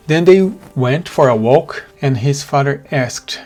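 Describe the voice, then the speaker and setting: A man's voice: mid-range voice, expressive, measured pace, hardly any pauses, soft background music. A man earnestly telling a motivational story in simple, plain phrasing.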